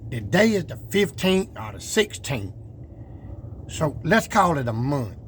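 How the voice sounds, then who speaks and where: A man's voice: a little high, big pitch swings, measured pace, slight background noise. A man talking casually to his viewers about his truck build, boastful and preachy in manner.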